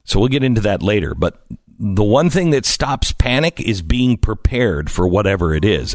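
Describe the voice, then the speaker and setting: A man hosting a talk radio show, speaking in a conversational monologue with frequent "uh" pauses. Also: lowish voice, expressive, faint music behind.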